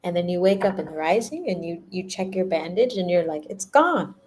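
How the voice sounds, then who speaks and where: A woman's voice: lowish voice, a little fast, mellow. A young woman giving a casual spiritual talk to her viewers, laughing often, repeating herself and acting out little quoted voices. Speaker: spiritual energy reader.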